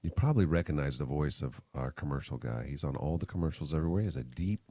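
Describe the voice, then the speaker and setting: A man's voice: extremely low pitch, lively intonation, fast talker, warm tone, no room sound. A man hosting a morning radio show, ribbing his coworkers and chuckling at a studio mic. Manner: ribbing, chuckling, quizzing colleagues. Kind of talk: casual morning-show banter.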